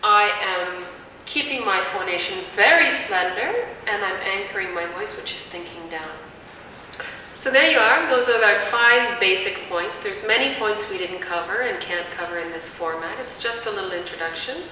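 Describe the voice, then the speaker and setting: A woman singing teacher calmly explaining vocal technique in plain words, with fillers. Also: mid-range voice, moderate pace. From Canada. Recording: echoey room, mic at a distance, faint hiss.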